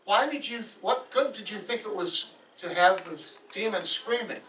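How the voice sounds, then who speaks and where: A man's voice: high-pitched, expressive, moderate pace, sharp tone, far from the mic, voice pushed up. A man voicing a stern Norse king who questions his men, heard from across a roomy hall. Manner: stern, judging.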